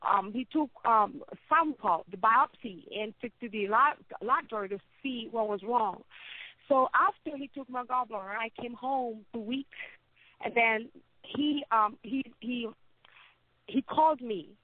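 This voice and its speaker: Woman, fairly high voice, halting, repeats words, tinny phone-line sound, dry. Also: no room sound. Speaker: interview guest, cancer survivor. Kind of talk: personal story in an interview.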